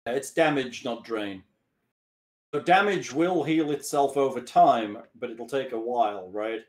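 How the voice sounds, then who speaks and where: A man's voice: medium pitch, measured pace, roomy sound. A man acting as game master, checking rules aloud and ruling on what the players can do. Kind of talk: casual game chat.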